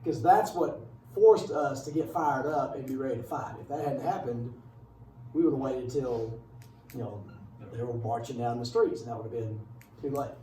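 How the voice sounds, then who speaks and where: A man's voice: mid-range voice, moderate pace, dark tone, a little hiss or hum. A male history teacher giving a casual classroom lecture, rambling with joking asides. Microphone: far camera. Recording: echoey room from far off.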